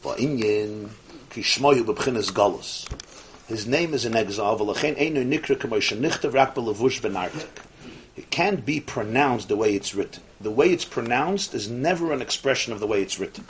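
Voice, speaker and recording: A man's voice: medium pitch, expressive, normal speed, slight background noise. Emphatic man teaching a religious class. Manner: emphatic, repeats key phrases, asks the audience questions.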